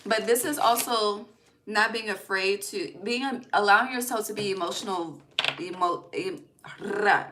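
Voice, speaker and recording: A woman's voice: mid-range voice, measured pace, background noise. A young woman giving a casual spiritual card reading, often emotional and close to tears, swearing freely and checking in with "okay". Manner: emotional, swearing, fills with okay and all right. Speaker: tarot reader.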